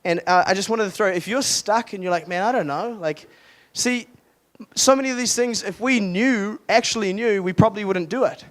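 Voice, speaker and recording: Young man, youth pastor, fairly high voice, earnest rambling sermon, many restarts. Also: normal speed. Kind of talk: casual sermon at a retreat.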